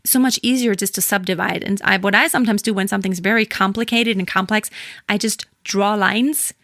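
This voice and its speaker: A woman's voice: mid-range voice, fairly even intonation, fairly quick, a bit bright, no echo, studio quality. A woman giving a singing lesson, explaining rhythm and demonstrating with sung syllables and counted beats. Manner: counts and sings syllables to a metronome between explanations. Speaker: singing teacher. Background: metronome clicks.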